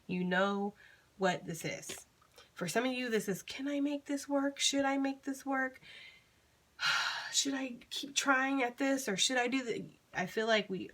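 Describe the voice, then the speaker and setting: A woman's voice: on the low side, a bit bright, slight background noise. A woman giving a casual tarot reading, chatty and reassuring, blunt and freely profane. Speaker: tarot reader.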